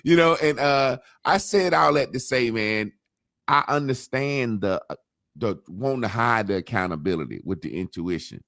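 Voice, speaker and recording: A man's voice: mid-range voice, moderate pace, gravelly, no echo, studio quality. A man telling a long story in casual chat, swearing freely and acting out what others said. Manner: profane, animated storytelling, acts out quotes. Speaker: podcast co-host.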